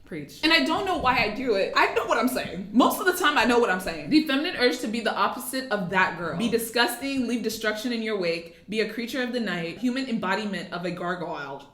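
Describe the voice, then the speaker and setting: A young American woman from Texas hosting a casual vlog, playful and jokey, swinging between loud outbursts and mutters. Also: fairly high pitch, expressive, fast talker, few pauses. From Texas, USA. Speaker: YouTuber host. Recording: roomy echo with music behind.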